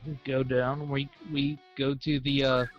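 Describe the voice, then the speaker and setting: A man from the American South spins a loose, rambling comic story. His Southern accent stays thick the whole way, and he slips in bits of other people's voices as he goes. The sound is a little dull, with soft music underneath. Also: mid-range voice, level tone, a little slow.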